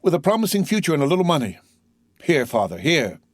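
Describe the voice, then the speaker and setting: A man's voice: on the high side, sing-song, fast, dry recording, clean studio sound, pitched above the performer's own voice. A man voicing an earnest, emotional young sailor who is a devoted son.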